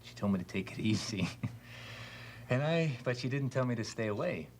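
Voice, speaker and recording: An actor playing an earnest widower in a TV soap opera, speaking in a heartfelt, reflective way. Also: male voice, mid-range voice, animated, normal speed, a little hiss or hum, lightly acted.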